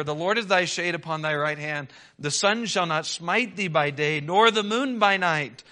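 A man preaching a sermon, swinging between loud rises and hushed drops, reading scripture in old-fashioned wording. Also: fairly high pitch.

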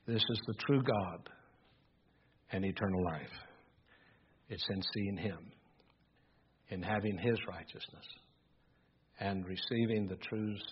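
An older man preaching a sermon, reading scripture aloud and moving between hushed musing and rising, emphatic exhortation. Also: deep voice, dull audio, background noise. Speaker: pastor.

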